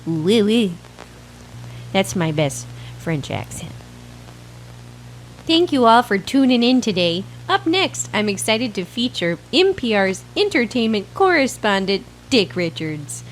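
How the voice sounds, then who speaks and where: A woman's voice: medium pitch, big pitch swings, unhurried, soft background music. A woman playing a flustered small-town TV host who stumbles over names while reading community announcements. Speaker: public access TV host.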